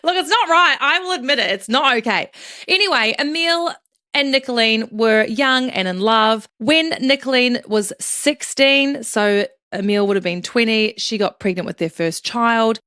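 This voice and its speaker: A woman's voice: a little high, moderate pace, sharp tone, dry recording, clean studio sound. A woman hosting a true crime podcast, telling the story in a chatty, joking way with some swearing. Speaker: podcast host.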